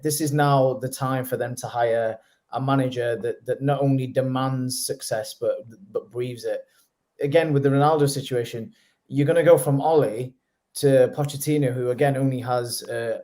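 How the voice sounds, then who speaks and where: Young male co-host, opinionated, mid pitch. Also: a little mellow. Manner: argues his opinion at length. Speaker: podcast co-host. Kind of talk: casual podcast chat.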